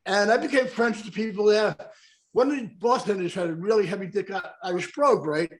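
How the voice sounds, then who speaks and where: A man's voice: sits high, brisk. A man hosting a casual talk show, chatty and rambling, always checking in with "right?" and "you know what I mean?". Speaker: host.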